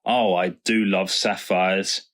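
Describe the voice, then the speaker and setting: A mother lingering over her words with slow, drawn-out admiration, read by a male storyteller. She sounds pleased and unhurried. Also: deep voice, fairly even intonation, fairly bright tone. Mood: admiring. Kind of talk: storybook reading.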